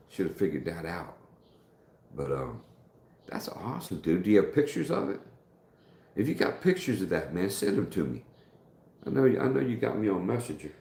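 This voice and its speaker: With a deep, gravelly, darkish voice, a middle-aged man from the United States hosts a live stream in an echoey room. His casual chat drifts from story to story as he acts out what people said.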